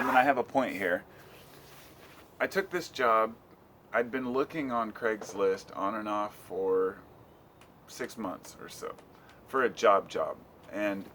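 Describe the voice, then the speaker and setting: A man's voice: fairly low pitch, a bit bright, slight background noise. A middle-aged American man talking at home in a loose, rambling vlog, swearing casually. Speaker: vlogger.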